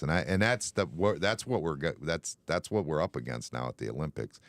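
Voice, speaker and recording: A man's voice: very deep voice, lively intonation, brisk, hardly any pauses, no echo. A man hosting a casual bar-talk live stream, blunt and sarcastic, swearing freely. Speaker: podcast host.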